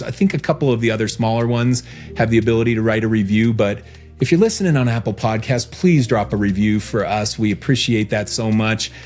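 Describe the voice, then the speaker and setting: A man's voice: mid-range voice, darkish tone. A man co-hosting a podcast, chatting in a friendly, upbeat way. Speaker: podcast co-host. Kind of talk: casual podcast chat.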